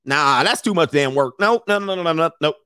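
A man's voice: on the high side, expressive, fairly quick, pushed and bright, smooth, no echo, studio quality. A man hosting, on a loose, profane comic rant, breaking into put-on voices.

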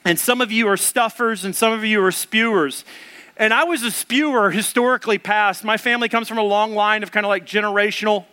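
High bright voiced pastor guy, funny storytelling sermon, acts out the quotes. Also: fairly quick, smooth. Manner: comic, animated storytelling with acted-out quotes.

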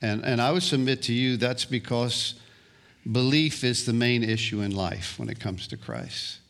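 A man preaching a sermon as pastor, deliberate and prone to repeating words as he restarts phrases. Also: medium pitch, vocal fry, a bit bright.

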